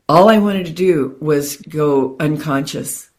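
A woman guest on an interview, telling a personal story in an animated way, with frequent restarts and acted-out quotes. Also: sits low, unhurried.

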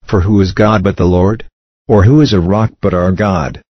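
A man reading psalms aloud in a measured, steady recitation. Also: deep voice, no echo. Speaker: scripture reader. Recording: dull lo-fi recording.

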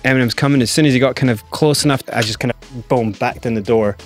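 A man's voice: medium pitch, quick pace, soft background music. A Scottish man, an interview guest, telling a story candidly and acting out other people's lines.

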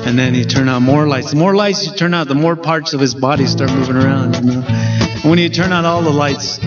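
Folksy comedian. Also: male voice, mid-range voice. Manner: folksy, playful, talks to the audience directly. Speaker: stand-up comedian. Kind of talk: storytelling stand-up comedy. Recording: distant mic, dull lo-fi sound with guitar music.

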